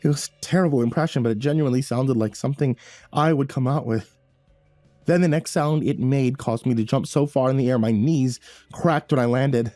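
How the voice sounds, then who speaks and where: A man narrates a first-person horror story, tense and breathless, occasionally stumbling over words. His voice is medium-pitched, fairly quick, and mellow, with no room sound and soft music in the background.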